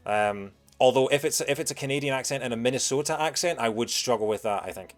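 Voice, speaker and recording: A man's voice: medium pitch, fast talker, faint music behind. A young British man giving casual commentary while playing a video game, rambling with lots of fillers as he answers chat.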